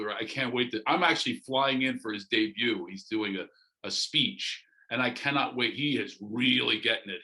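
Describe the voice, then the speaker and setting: A middle-aged man, a comedian guest on a podcast interview, joking and animated, leaping into loud comic asides. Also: mid-range voice, low-quality recording.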